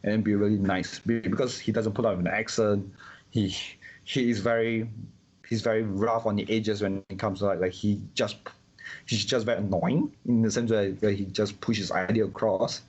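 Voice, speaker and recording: A Singaporean man in casual conversation, talking in an animated way with many restarts and repeated words. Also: lowish voice, normal speed, breathy edge, muffled recording. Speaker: guest.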